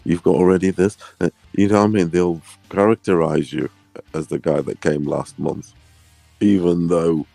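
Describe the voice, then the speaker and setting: A man's voice: low-pitched, fairly even intonation, moderate pace, vocal fry, warm tone, no room sound, soft background music. A man who grew up outside England and lives there, chatting on a casual panel, rambling with restarts and often asking "do you get me?". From not English, lives in England. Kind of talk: casual podcast chat.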